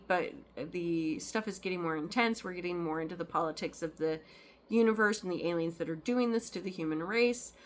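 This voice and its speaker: A woman's voice: lowish voice, a bit bright. A woman chatting casually as a cross-stitch vlogger, rambling with lots of ums and restarts. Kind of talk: casual chat.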